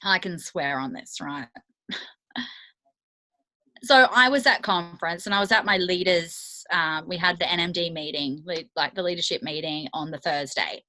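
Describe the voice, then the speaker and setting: In a low-quality recording, a woman with a lowish, pushed, bright voice speaks at a moderate pace. She's a network marketing coach leading a motivational team training on a video call, candid and chatty with lots of fillers.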